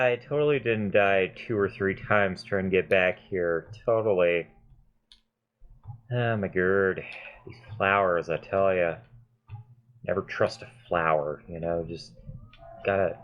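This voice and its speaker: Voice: sits low, unhurried, lo-fi sound. A gamer in their mid twenties giving chatty, self-mocking gameplay commentary and swearing freely. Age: mid 20s. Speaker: gaming video host.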